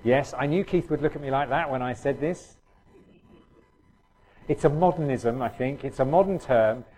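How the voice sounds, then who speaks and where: A man's voice: mid-range voice, normal speed, a little mellow, low-quality recording. A middle-aged man preaching a sermon in a conversational way, full of restarts and fillers.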